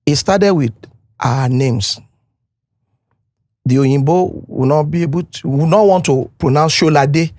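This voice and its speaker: A man's voice: fairly high pitch, a little slow, pauses often. An older Nigerian man with a Nigerian accent, a guest in a podcast conversation, speaking emphatically and telling stories with animation. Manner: emphatic, animated storytelling, mimics others.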